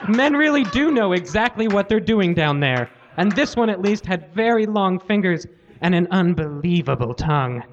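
A man hosting a comedy podcast, giving a deadpan live reading of a story. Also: sits high, moderate pace, slight background noise. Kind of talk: live reading of fan fiction. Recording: lo-fi live recording.

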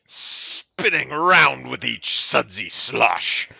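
A man co-hosting a comedy podcast, reading a poem aloud in a slow, mock-solemn way. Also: mid-range voice, big pitch swings, vocal fry, pushed and bright, breathy edge, dry recording. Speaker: podcast co-host reading poems. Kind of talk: comic dramatic poetry reading.

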